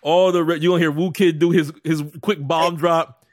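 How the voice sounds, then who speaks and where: A man co-hosting a podcast in casual chat, animated and joking, laughing often. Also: on the high side, normal speed, noisy background. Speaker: podcast co-host.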